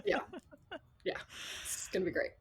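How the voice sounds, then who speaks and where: A woman working as an associate sound designer, telling stories in a casual interview, animated and acting out quotes with frequent laughs. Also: normal speed. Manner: animated storyteller, acts out quotes, laughs often.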